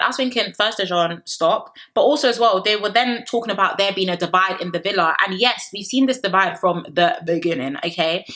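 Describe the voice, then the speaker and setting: A woman's voice: medium pitch, lively intonation, a little fast, bright, forceful tone. A young woman reviewing a reality show in a chatty, sassy commentary vlog full of rhetorical questions.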